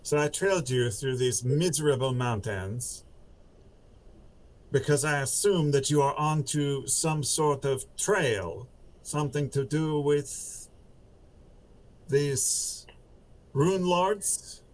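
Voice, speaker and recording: A man's voice: fairly high pitch, slow, pauses often, voice pushed up. A man voicing a smug, self-satisfied male drow in a tabletop game, dry and condescending.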